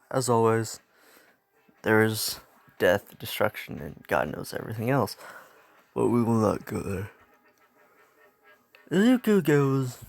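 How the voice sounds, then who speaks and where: A man's voice: on the low side, creaky. A young man casually telling a fan story, rambling and interrupting himself, laughing at his own asides.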